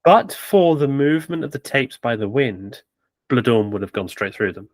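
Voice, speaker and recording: A man co-hosting a podcast, giving opinionated, measured analysis in casual chat. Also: mid-range voice, lively intonation, dry recording. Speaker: podcast co-host.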